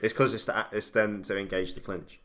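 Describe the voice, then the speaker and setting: Young male co-host, lowish bright voice, blunt, profane. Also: normal speed. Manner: blunt, swears freely, animated opinions. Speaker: podcast co-host. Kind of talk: casual chat.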